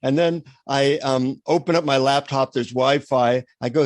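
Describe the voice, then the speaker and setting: A man telling a personal story as a podcast guest, acting out the dialogue in a lively, anecdotal way. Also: medium pitch, measured pace, no echo. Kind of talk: storytelling in an interview.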